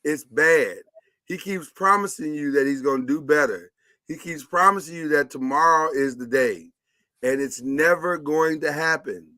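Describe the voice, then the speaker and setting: A man's voice: fairly high pitch, normal speed, bright, forceful tone, no room sound. A man hosting a casual sports talk show, chatty and opinionated as he runs the segments.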